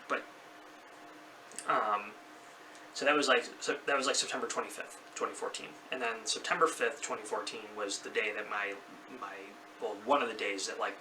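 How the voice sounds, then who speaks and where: A man in his thirties tells a personal story to camera from his bedroom, wandering off track and backing up to fix details. His voice is very bright and sharp. He sits a little back from the mic, with a faint hiss of noise underneath. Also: lowish voice. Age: 30s. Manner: rambling, loses track and corrects himself. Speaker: vlogger. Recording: slightly distant mic, faint background noise.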